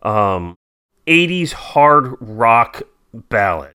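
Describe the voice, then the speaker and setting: A man's voice: mid-range voice, big pitch swings, drawn-out words, pushed and bright, clean tone. A man co-hosting a podcast in casual chat, playful and rambling as he riffs. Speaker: podcast co-host.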